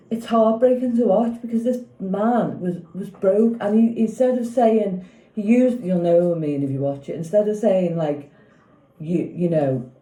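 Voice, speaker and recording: A woman's voice: fairly low pitch, warm tone. A woman in her fifties chatting casually in a vlog, giving rambling opinions on a TV show and often checking if you follow her. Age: 50s. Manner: rambling, opinionated, keeps asking "do you know what I mean". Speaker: vlogger. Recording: echoey room.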